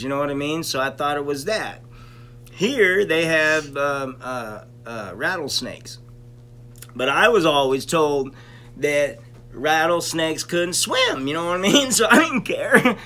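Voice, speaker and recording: Bright-voiced laid-back man rambling. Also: fairly high pitch, a little hiss or hum. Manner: rambling, laid-back, full of "you know" and laughter; greets viewers by name mid-story. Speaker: stream host reviewing cannabis. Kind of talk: casual live-stream chat and storytelling.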